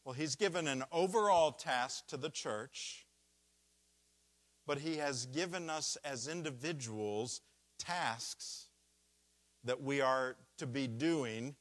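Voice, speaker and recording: This pastor's voice is on the high side, expressive and a little bright. He preaches slowly and deliberately through a passage of scripture, leaning heavily on its key words.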